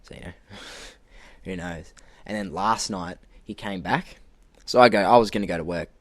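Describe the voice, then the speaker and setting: A young man telling an animated work story on a podcast, acting out quotes and laughing often. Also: low voice, moderate pace, dry recording. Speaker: podcast co-host. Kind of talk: casual storytelling.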